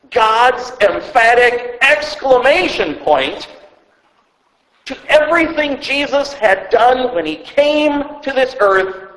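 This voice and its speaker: A man delivers a slow, deliberate sermon in a very high voice that rises and falls with lively swings. He speaks with emphasis and asks his listeners rhetorical questions, sometimes repeating words mid-thought. His voice echoes through a church hall with a long reverb. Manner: stumbles and repeats words when speaking off the cuff. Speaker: pastor.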